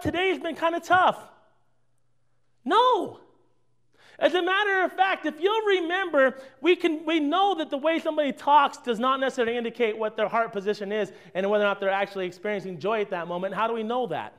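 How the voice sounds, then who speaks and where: A man delivering a sermon in a notably high voice. He engages the congregation with rhetorical questions. His volume swings from loud emphasis down to near-murmured asides. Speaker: pastor.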